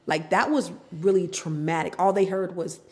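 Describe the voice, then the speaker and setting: Speaking at a moderate pace in a lowish voice, a middle-aged guest shares a candid personal story. She's animated, voicing what her family members said in character.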